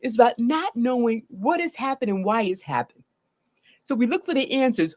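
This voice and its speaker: A woman therapist talks live to her viewers, her fairly high voice rising and falling with a lot of movement. She acts out her own reactions as she goes, speaking with plenty of feeling. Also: expressive, moderate pace, darkish tone. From Baltimore, Maryland. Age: adult with a grown daughter.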